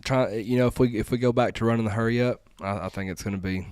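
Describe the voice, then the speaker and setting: A man's voice: fairly low pitch, fairly even intonation, fast, a little mellow, clear, resonant tone, no echo. A man hosting a casual sports podcast and reading sponsor spots with rising energy. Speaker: podcast host. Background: live podcast table with co-hosts.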